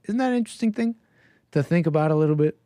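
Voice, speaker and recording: A man with a fairly high-pitched voice rambles through casual livestream commentary, sarcastic and mocking, reading posts aloud and slipping into mock voices. The sound is dry and close. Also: animated, rapid-fire, dark tone, dry recording. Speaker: livestream host.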